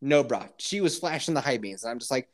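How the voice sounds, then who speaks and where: A woman podcast co-host telling a story in casual chat over a remote call, profane and animated, laughing often. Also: rumbling low, fast.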